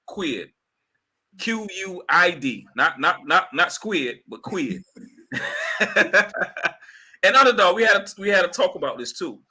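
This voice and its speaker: A man hosting a casual podcast chat, telling stories in an excitable, animated way with loud exclamations. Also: sits high, low-quality recording. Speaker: podcast host.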